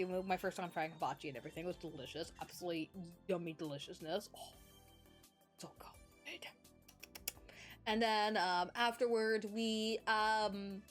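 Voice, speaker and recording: A woman's voice: medium pitch, fairly bright tone. A young woman streamer chatting casually, rambling and giggly with lots of fillers, sleepy and yawning. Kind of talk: casual chat.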